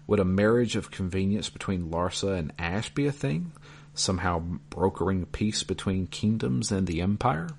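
Casting: deep-voiced male podcast host, reads listener mail with dry asides, faint hum under it. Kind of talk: casual podcast chat.

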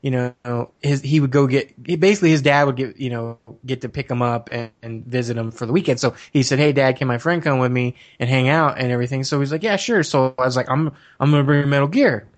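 A man's voice: mid-range voice, steady tone, quick pace, hardly any pauses. A man telling long nostalgic stories in casual chat, rambling and laughing often.

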